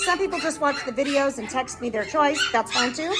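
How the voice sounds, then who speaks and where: A woman's voice: high voice, lively intonation, a little fast, background noise. A woman dog breeder chatting casually on a vlog, rambling with lots of fillers and cooing at her puppies. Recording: music playing behind. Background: background music, puppies.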